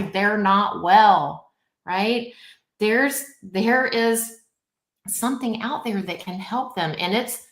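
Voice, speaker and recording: Woman podcast guest, animated and chatty, recorded in a roomy space. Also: on the high side. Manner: animated, acts out quoted people, peppers talk with "like" and "right?". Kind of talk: casual conversation.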